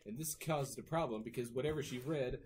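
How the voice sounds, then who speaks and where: A man's voice: medium pitch, brisk, a little mellow, slight background noise. A man co-hosting a casual movie podcast, retelling scenes and acting out the characters' lines. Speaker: podcast co-host.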